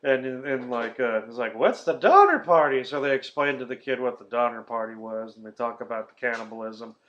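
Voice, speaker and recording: A man hosting a podcast in casual chat, swearing often as he retells a film with animated energy. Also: mid-range voice, fairly quick, highs cut off. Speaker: podcast host.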